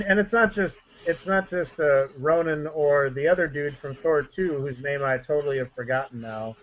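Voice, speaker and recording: A man's voice: a little high, fairly bright tone. A man co-hosting a casual podcast chat, thinking aloud and hedging his points. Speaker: podcast co-host. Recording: dull lo-fi audio with faint ambience.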